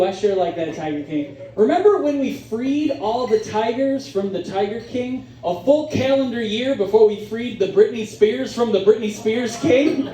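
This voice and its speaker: A man's voice: very high voice, a little hiss or hum. A man doing a stand-up comedy set in a club, telling stories with comic voices. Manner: animated storytelling with comic voices. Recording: roomy club sound from a distance.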